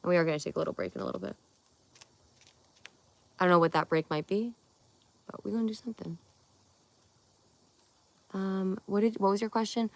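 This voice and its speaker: A young woman talking to her viewers on a live stream in a slightly low voice. She rambles from thought to thought, giggles often and drops in casual swearing, keeping the talk loose and chatty. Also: quick pace, gravelly, pauses often, no echo.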